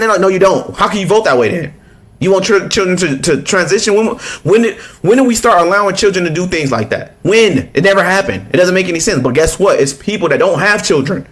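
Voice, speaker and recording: Male reaction commentator, heated and profane, high-pitched. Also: animated, quick pace. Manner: blunt, profane, heated, lots of restarts. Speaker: political commentator reacting to a clip.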